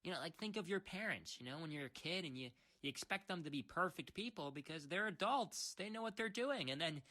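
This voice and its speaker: Man, slightly high and bright voice; rambling comedic monologue, mock-serious, frequent stammers. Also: expressive, brisk. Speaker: world creator narrating a puzzle.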